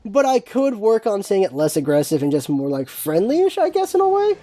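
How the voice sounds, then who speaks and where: A woman in a casual solo vlog who talks frankly and emphatically, with the odd mild swear. She circles back to the same phrase again and again to hammer a point in. Her voice is mellow and warm, at an ordinary middle pitch. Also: big pitch swings, fairly quick. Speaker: gaming vlogger.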